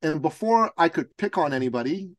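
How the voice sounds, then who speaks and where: A man's voice: a little high, a little fast, dry recording. A man, a business coach, telling a story in an interview and acting out the voices of the people in it. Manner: animated storyteller, acts out quotes.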